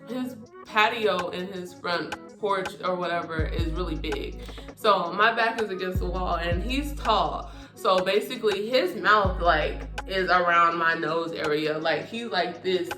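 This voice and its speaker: A woman telling a personal story to her viewers in a casual monologue, animated and full of cursing. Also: mid-range voice, normal speed. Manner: animated, profane, talks straight to viewers. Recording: echoey room with music behind.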